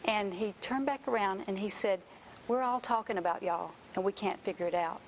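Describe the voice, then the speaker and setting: Woman, earnest, animated storytelling, interview guest, faint hiss behind. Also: medium pitch, brisk. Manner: earnest, animated retelling with quoted voices. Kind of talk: emotional personal storytelling.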